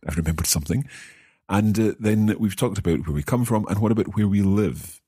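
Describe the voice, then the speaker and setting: A man's voice: on the low side, a little fast, dark tone, slightly rough, no echo, studio quality. A Scottish man co-hosting a podcast language lesson as the learner, often hesitating and repeating words while he thinks. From Scotland.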